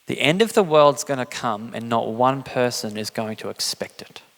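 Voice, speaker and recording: An English pastor preaches a sermon in a casual, conversational, joking style, acting out quotes with big jumps in his voice. His intonation is lively and a bit bright, at a normal speed, and the church hall gives the recording a reverb.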